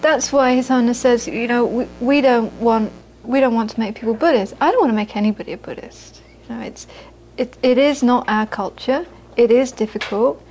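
Fairly high in pitch and darkish in tone, a woman's voice runs fairly quickly with few pauses through a live Buddhist talk, the poor audio carrying a little hiss or hum. The teacher is earnest, repeats phrases for emphasis, and laughs as she tells stories.

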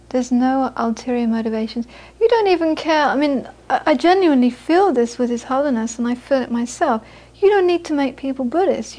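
A woman giving a Buddhist dharma talk, telling lively stories and then speaking softly about inner peace. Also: sits high. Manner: storytelling, animated when quoting, soft and hushed on inner peace. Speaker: Buddhist teacher.

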